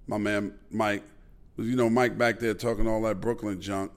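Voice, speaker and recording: A man's voice: on the low side, little pitch movement, moderate pace. A man, telling stories animatedly and with profanity as a podcast host. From Queens, New York. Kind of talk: casual storytelling chat.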